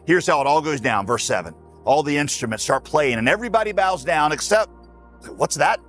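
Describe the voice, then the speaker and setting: Animated man preaching with folksy emphasis. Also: on the high side, a little fast, faint music behind. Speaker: pastor. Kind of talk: sermon.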